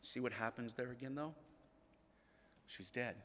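A middle-aged man preaching a sermon as pastor, telling the story earnestly and often dropping to a hushed tone. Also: mid-range voice, a little slow, big-room sound, slight background noise.

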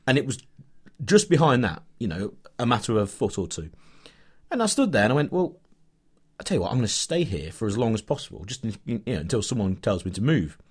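A man's voice: on the low side, very animated, fast talker, husky. A man from England co-hosting a football podcast, telling a rambling story full of fillers and restarts. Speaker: podcast co-host, football fan. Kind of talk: casual chat, storytelling.

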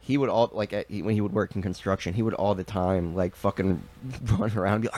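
Animated, swearing young man telling stories. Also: deep voice, fast talker. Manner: animated storyteller, swears freely, acts out people he quotes. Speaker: podcast co-host. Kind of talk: casual chat.

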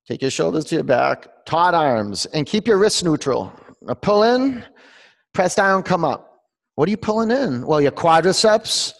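A male yoga instructor leads a live class in a large studio, counting down poses and teasing his students as he goes. His slightly high voice has a gravelly edge, and the room adds a long reverb.

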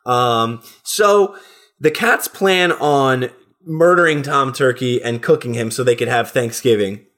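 A man's voice: mid-range voice, unhurried, a bit bright. A man in casual podcast chat, rambling and swearing, now and then slipping into silly put-on voices. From New Jersey area, US. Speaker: podcast co-host.

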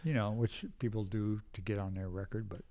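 In a laid-back storytelling interview, an older man who is a guest musician rambles through anecdotes, slipping into the voices of people he quotes. His pitch is fairly low and his tone dark, with fairly even intonation and a fairly quick pace.

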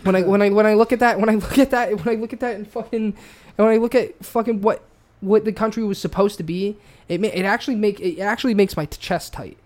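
A man's voice: high-pitched, steady tone, fast talker, darkish tone. A man in casual chat, ranting heatedly with lots of swearing and stumbling restarts. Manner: heated, profane, repetitive restarts.

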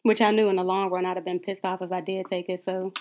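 A woman's voice: lowish voice, flat delivery, fast talker, darkish tone. Chatty laughing woman co-host. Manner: laughs a lot, chatty and joking. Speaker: podcast co-host. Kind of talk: casual chat.

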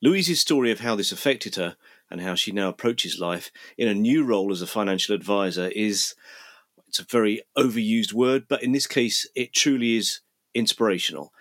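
A man hosting a podcast interview, speaking in a friendly, measured way with some ums and restarts. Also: lowish voice, fairly bright tone. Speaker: podcast host.

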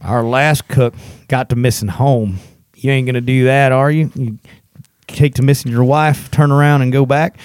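A man's voice: mid-range voice, steady tone, moderate pace, darkish tone, dry recording, clean studio sound, voice pushed up, close to an everyday voice. A man voicing a stern Old West cattle captain with a drawling, questioning delivery.

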